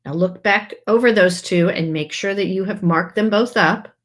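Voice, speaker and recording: A woman teacher dictating a first grade spelling test, saying each word clearly and repeating it in a sample sentence. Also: medium pitch, normal speed.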